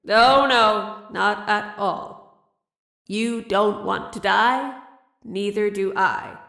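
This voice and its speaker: A spiteful, mocking woman, as an actress plays her, unhurried and venomous. Her lines sound echoey, as if in a bare room. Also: medium pitch, creaky, a bit bright, full character voice. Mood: sneering. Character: spiteful, sneering older woman patient.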